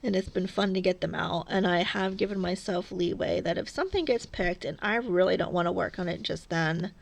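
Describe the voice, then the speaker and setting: A woman's voice: lowish voice, brisk, gravelly. A woman vlogging casually as she cross-stitches, rambling and chatty, often laughing at herself. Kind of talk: casual stitch-along chat.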